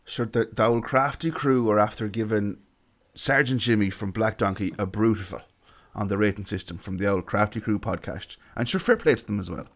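A broad rural Irish countryman, folksy and plain-spoken, as a man puts him on. The voice sits low. He speaks in an easygoing country manner. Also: moderate pace, close to an everyday voice.

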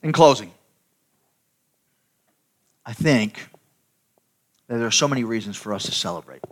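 A middle-aged pastor preaching a sermon in a loose, conversational storytelling way, often repeating and restarting words. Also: male voice, mid-range voice, lively intonation, measured pace.

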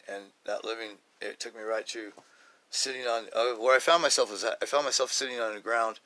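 A man on a podcast, telling a personal faith testimony in an excited, rambling way, often saying "man". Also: medium pitch. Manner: excited, animated, repeats himself, says "man" often. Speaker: podcast host.

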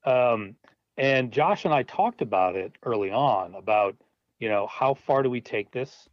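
A man's voice: mid-range voice, measured pace, no room sound. Guy chatting about his movies, laughs a lot, kinda lo-fi dry recording. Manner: animated, laughing, stumbles over words. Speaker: filmmaker guest. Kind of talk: casual interview talk. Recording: dull dry lo-fi sound.

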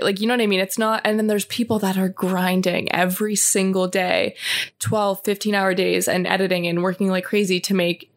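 A woman from Canada hosts a relaxed conversation. She speaks at an ordinary pace and pitch, reflecting aloud with a few fillers. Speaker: host. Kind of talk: casual chat.

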